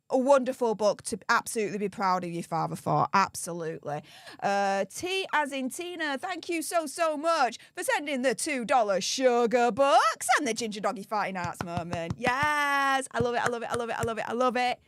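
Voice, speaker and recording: A woman's voice: fairly high pitch, expressive, normal speed, a bit bright, dry recording, clean studio sound. A young woman with a Yorkshire accent, chatting upbeat on a live stream and thanking supporters by name. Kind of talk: casual live-stream chat.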